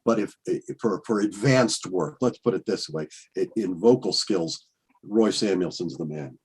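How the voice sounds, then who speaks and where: A man speaking as a guest on a live podcast panel about his teaching, halting but lively. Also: low-pitched, breathy edge. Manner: lively, halting, laughs easily.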